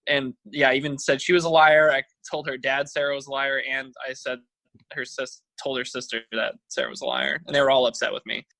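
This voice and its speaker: A man's voice: mid-range voice, flat delivery, a little fast, vocal fry, pushed and bright, no echo. A young man, a guest, explaining his side of events in casual chat in an exasperated, defensive way.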